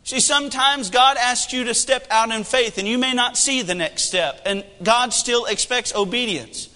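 A man in his thirties preaching a sermon with animated delivery and humor. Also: very high-pitched, moderate pace, long reverb tail. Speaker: pastor.

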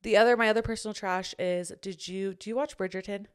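A young pregnant woman hosting a casual podcast chat, telling stories with animated, swearing energy and acting out her own reactions. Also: medium pitch, fast talker, smooth. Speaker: podcast host.

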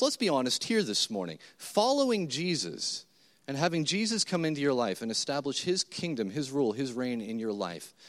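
A man's voice: medium pitch, fairly bright tone. Conversational man preaching a sermon. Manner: conversational, repeats words, acts out his own inner voice. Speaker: pastor. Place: church service before a congregation.

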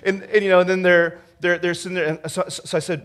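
A man's voice: high-pitched, flat delivery, fast talker, fairly bright tone. Man preaching a casual, storytelling sermon. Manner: conversational, storytelling with restarts and laughter. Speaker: pastor.

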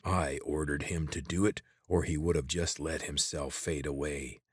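A man voicing an old male lizard watcher who speaks slowly in a croaking, halting way. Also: rumbling low, fairly even intonation, no room sound, clean studio sound. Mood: stern, weakening.

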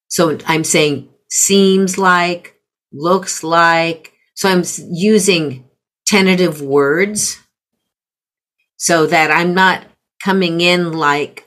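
Slow, measured woman coaching parents. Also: fairly low pitch, a bit bright. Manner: measured, explains with example phrases. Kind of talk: conversational teaching.

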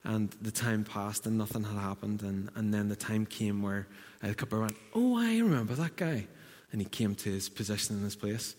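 A man's voice: lowish voice, monotone, normal speed, darkish tone, in a large hall. A man preaching a sermon in a conversational, storytelling way with self-deprecating asides.

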